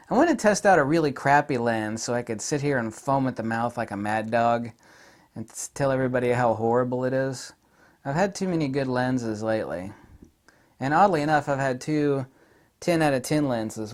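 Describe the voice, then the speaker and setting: A man with a drawl talks his way through a camera lens review, rambling from point to point. He gushes and gets excitable, with giggly asides along the way. His pitch sits in an ordinary middle range for a man.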